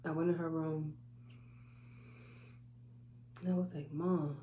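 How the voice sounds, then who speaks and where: A woman's voice: deep voice, steady tone, slow pace, mellow. A woman telling a personal story to camera in an earnest way, acting out what others said. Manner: earnest, quotes people in dialogue. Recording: echoey room with faint hum.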